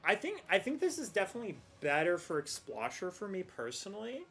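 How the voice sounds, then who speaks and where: A young woman streaming a game, chatting casually and rambling with sudden excited outbursts. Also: medium pitch, brisk, soft background music. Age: young adult. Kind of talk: casual gameplay commentary.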